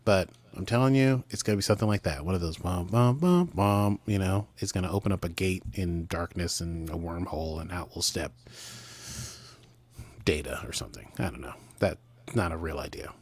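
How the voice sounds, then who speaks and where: Man, lowish voice, podcast co-host, casual chat, playful, rambling. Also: brisk, breathy edge. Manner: playful and rambling, jokey asides.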